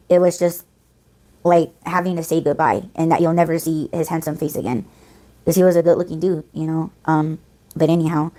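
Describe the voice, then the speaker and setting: A woman's voice: on the low side, mellow. A woman hosting a podcast, venting in a blunt, profane, casual ranting monologue. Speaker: podcast host.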